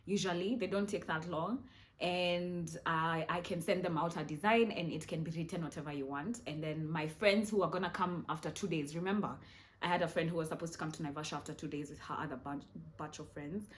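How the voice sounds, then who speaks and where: Young woman, kenyan accent, casual storytime vlog, chatty and lively. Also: sits low, a little fast. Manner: chatty, animated, mixes in Swahili. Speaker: vlogger.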